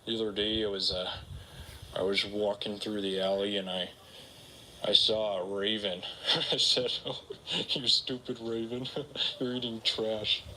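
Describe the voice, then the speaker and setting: A man's voice: on the low side, fairly even intonation, measured pace, sharp tone, slight background noise, poor audio. A man putting on a chatty, rambling Canadian character with a Canadian accent and a twang. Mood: folksy. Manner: folksy, rambling, tacks on "eh".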